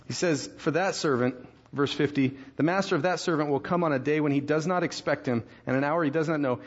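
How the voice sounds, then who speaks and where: Conversational male pastor preaching. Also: medium pitch. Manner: conversational, self-deprecating, quick asides. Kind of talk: sermon. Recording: slightly dull lo-fi sound.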